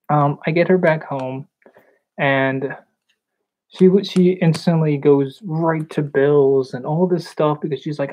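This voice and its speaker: A young woman telling a personal story in a vlog, hesitant and halting, with nervous laughs. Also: deep voice, fairly even intonation, mellow. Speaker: vlogger. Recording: slightly dull lo-fi recording.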